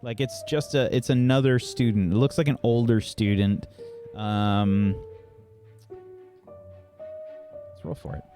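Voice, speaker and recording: A man narrating as game master of a tabletop game, in a relaxed, hesitant way. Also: mid-range voice, slow, long pauses. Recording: faint music in background.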